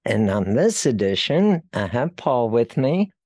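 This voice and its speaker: Brief: animated host voice, dry sound, upbeat welcome. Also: medium pitch, measured pace, no room sound. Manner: upbeat, excited. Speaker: podcast host. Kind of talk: casual podcast hosting.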